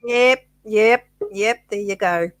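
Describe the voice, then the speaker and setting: A woman with an Australian accent co-hosting a casual live chat, chatty and encouraging. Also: medium pitch. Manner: chatty, encouraging, quick to laugh. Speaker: co-host.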